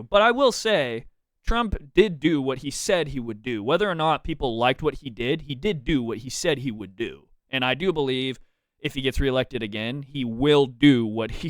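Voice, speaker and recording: A man's voice: medium pitch, lively intonation, moderate pace, dry recording, studio quality. A man streaming, giving casual reaction commentary with a chatty, laughing manner.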